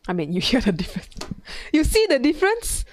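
A woman's voice: high-pitched, wildly swooping pitch, brisk. A woman physics tutor, talking through an exam question in a chatty way, thinking aloud and imitating sounds. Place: classroom.

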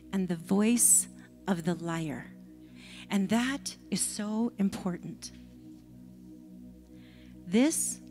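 Older woman preaching with passion. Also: fairly high pitch. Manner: impassioned, repetitive preaching that drops to whispers. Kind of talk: sermon. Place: church sanctuary.

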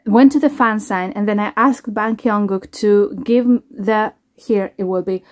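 A woman, a singer, talking casually to camera in a reaction vlog, halting, restarting and trailing off as she reflects. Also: mid-range voice, steady tone.

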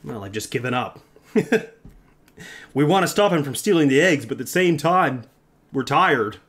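A man's voice: mid-range voice, lively intonation, normal speed, fairly bright tone. A man streaming a game, screaming and swearing in panic with theatrical outbursts and dry jokes. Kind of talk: live gameplay commentary.

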